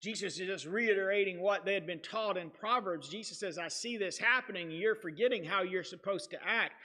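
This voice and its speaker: High, bright-voiced Southern man teaching. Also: a little fast. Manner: earnest, repetitive, many restarts and fillers. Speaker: Sunday school teacher. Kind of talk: church lesson. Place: church sanctuary.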